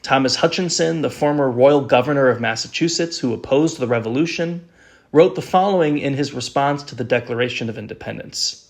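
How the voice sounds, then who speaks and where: Man, podcast host, scripted history narration, earnest, explanatory, mid-pitched voice. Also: a little fast. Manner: earnest, explanatory, reads quotes aloud.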